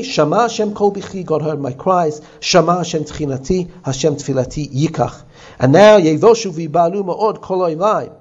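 Male teacher leading a text study class, lively and questioning, slightly high pitch, muffled lo-fi recording. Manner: animated, often asks the class questions. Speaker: Torah teacher.

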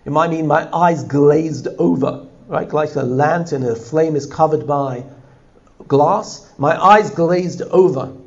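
A man's voice: a little high, slow pace, lo-fi sound. A man teaching a text-study class, translating line by line and checking in with his listeners. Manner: animated, translating line by line with frequent "right?". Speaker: Torah teacher.

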